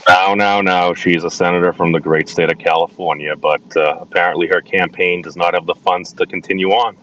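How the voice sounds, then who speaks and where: A man's voice: deep voice, fairly even intonation, brisk, a bit bright, highs cut off, slight background noise. A man from the greater Boston area co-hosting a live political chat, hesitant and often correcting himself. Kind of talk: casual chat.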